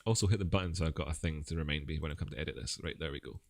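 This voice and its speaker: A Scottish man hosting a live crypto chart stream, rambling and self-mocking, his voice a bit rough. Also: rumbling low, racing, no echo, clean studio sound. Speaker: crypto livestream host. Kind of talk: casual live chart analysis.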